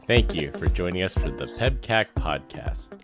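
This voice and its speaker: Male podcast host, very low voice, upbeat banter over background music. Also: expressive, normal speed. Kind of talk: casual podcast chat.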